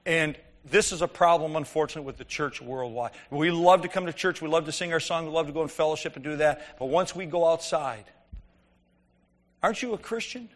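A man's voice: on the high side, fast talker, few pauses, in a large hall. A man preaching a conversational sermon, telling stories and asking the congregation rhetorical questions.

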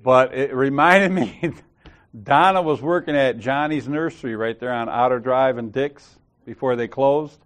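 A man in a church group telling a funny story, animated and laughing, doing voices of the people in it. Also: medium pitch, a little slow. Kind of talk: casual storytelling.

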